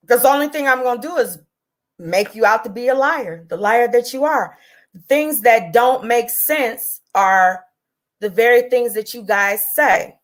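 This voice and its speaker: A woman with a high voice hosts a livestream and tears into a rival. She is combative and profane, dragging some words out and rushing others. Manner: combative, profane, drawn out then rushed. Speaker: livestream host. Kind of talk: angry livestream rant.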